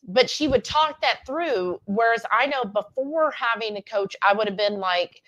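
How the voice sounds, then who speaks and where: A woman's voice: on the high side, lively intonation, moderate pace, hardly any pauses, fairly bright tone. A woman co-hosting a livestream, chatting candidly in a rambling, self-correcting way. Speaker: livestream co-host. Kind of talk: casual chat.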